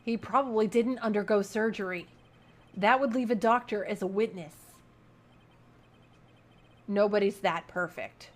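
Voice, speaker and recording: A woman voicing a serious young male prosecutor from a game, calm and even. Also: mid-range voice, a little slow, long pauses, lightly acted. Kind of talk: reading game dialogue aloud.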